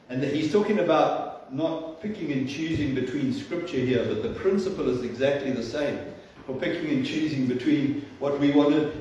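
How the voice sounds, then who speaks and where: A man preaching a sermon as pastor, acting out the quoted voices with sudden jumps in pitch. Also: a little mellow, muffled recording, a little hiss or hum. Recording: roomy, distant hall mic with faint ambience.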